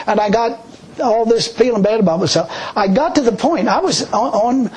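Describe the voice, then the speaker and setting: A man preaching a sermon and telling his own story, in a folksy, conversational way with many restarts. He drops into a low, slow voice when he quotes God. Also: animated, a little mellow, husky, low-quality recording. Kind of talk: sermon with personal testimony.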